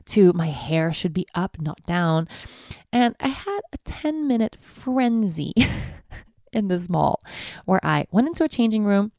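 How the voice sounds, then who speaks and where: Gravelly-voiced woman in her twenties. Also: medium pitch, darkish tone, no echo, clean studio sound. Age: 20s. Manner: candid, confessional storytelling. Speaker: podcast host. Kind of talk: personal monologue.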